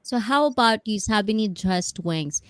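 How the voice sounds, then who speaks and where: A woman's voice: mid-range voice, lively intonation, moderate pace, fairly bright tone, clean tone, no room sound. A woman with a Filipino accent hosting a casual livestream chat, mixing English and Tagalog and laughing often. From Philippines. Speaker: host.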